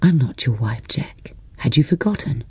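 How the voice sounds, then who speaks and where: A man reading an audiobook, voicing a grieving, bitter young woman in a breathy unvoiced whisper. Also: mid-range voice, animated, moderate pace, a little mellow, no echo. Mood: cold, bitter.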